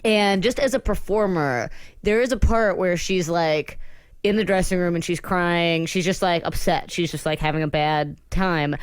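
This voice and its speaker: A woman co-hosting a podcast in casual chat, telling long rambling stories full of "like" and quick asides into a studio mic. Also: on the low side, clean tone, no echo. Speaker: podcast co-host.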